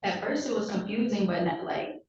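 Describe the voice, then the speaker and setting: A woman testifying as a witness, answering quietly and hesitantly with many fillers, heard over a video call. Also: medium pitch, normal speed. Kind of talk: courtroom testimony. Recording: echoey, distant, dull video-call audio with faint noise.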